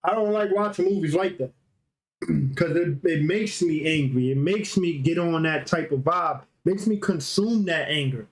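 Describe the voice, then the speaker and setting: A man telling a story in casual podcast chat, animated and clearing his throat often. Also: on the high side, moderate pace, poor audio.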